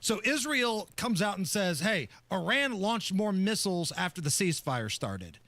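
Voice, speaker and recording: A man's voice: high-pitched, sing-song, moderate pace, fairly bright tone, dry recording. A man co-hosting a talk radio show, chatting casually and explaining the news with wry, mocking impressions. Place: radio studio. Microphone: studio microphone.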